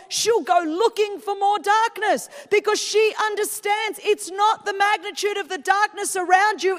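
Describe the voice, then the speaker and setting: High-voiced Australian woman preaching. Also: long reverb tail. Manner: animated storytelling, swinging from quiet to loud and fast. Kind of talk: sermon.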